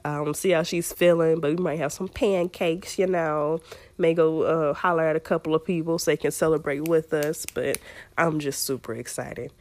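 A young woman hosting a podcast in a casual, chatty way, her voice hoarse and a little raspy from a scratchy throat. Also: low-pitched, darkish tone, no echo. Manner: chatty and playful, talks straight to listeners. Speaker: podcast host. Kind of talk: casual chat.

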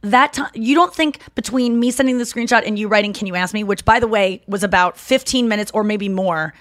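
A woman's voice: medium pitch, brisk, a bit bright, no room sound, studio quality. A woman co-hosting a podcast in casual chat, talking in rambling, self-interrupting bursts. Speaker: podcast co-host.

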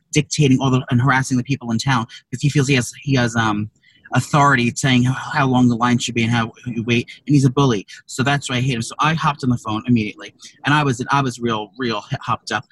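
Fast-talking man telling a profane story. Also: mid-range voice, steady tone, a bit bright, a little hiss or hum, low-quality recording. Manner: profane storytelling, rambling with restarts. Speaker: podcast co-host. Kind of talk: casual chat. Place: car.

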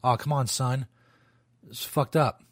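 A man's voice: medium pitch, fairly even intonation, unhurried, dry recording, natural voice. A man doing a whiny twangy old politician. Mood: fretting. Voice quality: twangy drawl. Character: fretting older male politician with a twang.

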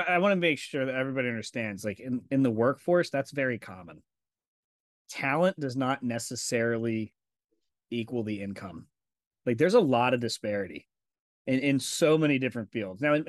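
A man's voice: medium pitch, no room sound, clean studio sound. Candid, profane male podcast host. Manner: candid and profane, acts out quoted dialogue in storytelling. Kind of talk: casual conversational interview.

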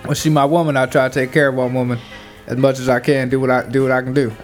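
A man's voice: mid-range voice, level tone, fast talker, soft background music. A man co-hosting a podcast, bantering casually with friends and restarting his sentences often. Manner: laid-back, stammering restarts. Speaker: podcast co-host.

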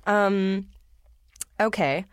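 Lively, laughing woman telling stories. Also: mid-range voice, very slow, clear, resonant tone, no echo, clean studio sound. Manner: animated storyteller, laughs often, swears casually. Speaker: podcast co-host. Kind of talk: casual chat.

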